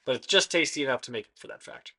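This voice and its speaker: Rich A man narrating a tabletop game as game master, loose and chatty. His voice is bright and forward, pitched in a middle range. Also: lively intonation, quick pace.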